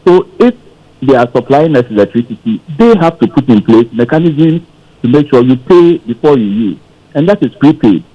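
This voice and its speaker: A man's voice: mid-range voice, animated, moderate pace, mellow, highs cut off. A man calling a radio show and arguing his opinion emphatically. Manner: argumentative, emphatic. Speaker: caller. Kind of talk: call-in opinion.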